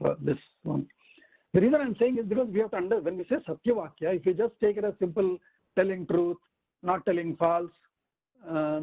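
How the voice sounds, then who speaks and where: A man teaching a weekly scripture class, explaining step by step with rhetorical questions and slow recitations. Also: high voice, husky, phone-quality sound. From India. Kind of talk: weekly online scripture lesson.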